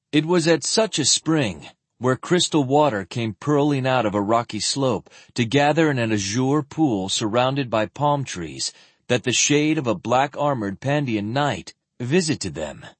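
A man narrating a fantasy audiobook in a steady, descriptive reading. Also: medium pitch, slightly rough, no echo.

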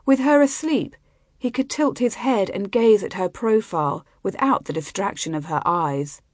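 A woman reading a fantasy novel aloud as an audiobook narrator in an even, measured way on a close mic. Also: medium pitch, no echo. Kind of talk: scripted narration.

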